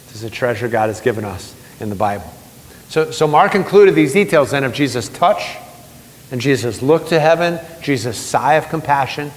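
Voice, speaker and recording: A male pastor giving a conversational sermon to a seated congregation, repeating key phrases for emphasis. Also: mid-range voice. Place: church sanctuary with seated congregation. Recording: long church reverb.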